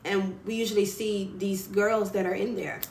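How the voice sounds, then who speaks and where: A woman author greets viewers by name and chats encouragingly during her casual live stream. Her mid-range voice is steady and a little mellow with vocal fry, at a normal speed. The phone recording has a little hiss or hum in an echoey room with faint ambience.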